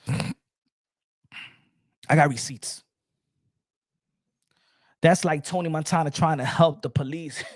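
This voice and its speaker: Male boxing commentary host, emphatic and repetitive, mid pitch, dry close mic. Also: slow pace, pauses often, dry recording. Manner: emphatic, repetitive, asks the chat and answers himself. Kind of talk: animated solo commentary to viewers.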